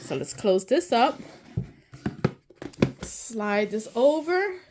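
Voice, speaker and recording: Woman unboxing stuff, kinda high voice, super gushy, slow talker, bit of background noise. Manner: gushing, excitable, often says "so stinking cute". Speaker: unboxing channel host. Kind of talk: casual unboxing narration.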